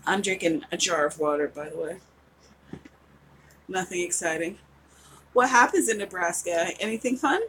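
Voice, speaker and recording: A woman's voice: on the low side, normal speed, long pauses, fairly bright tone, a little hiss or hum, low-quality recording. A woman in her forties from West Virginia, an author chatting casually with viewers during a live writing session, giggly and rambling. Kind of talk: casual livestream chat.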